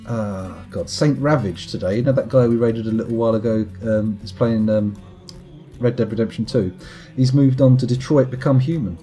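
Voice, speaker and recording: A man's voice: medium pitch, warm tone. A man streaming a game late at night, chatting in a rambling, wry, self-mocking way to his viewers. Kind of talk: casual live-stream chat while gaming.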